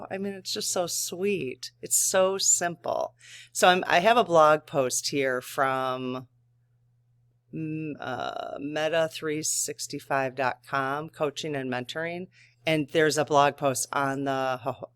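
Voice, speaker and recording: A man's voice: mid-range voice, measured pace, fairly bright tone, clear, resonant tone. A man hosting a spiritual channel, talking casually and earnestly to his viewers, thinking aloud with frequent restarts.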